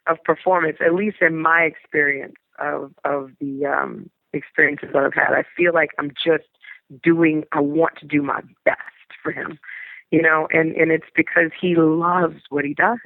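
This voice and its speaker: Gravelly New woman over a phone line. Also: low-pitched, steady tone, moderate pace, dry recording. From New Orleans, USA. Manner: rambling and searching for words, with many trailing restarts. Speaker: actor. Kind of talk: interview storytelling. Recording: tinny dry phone-line sound.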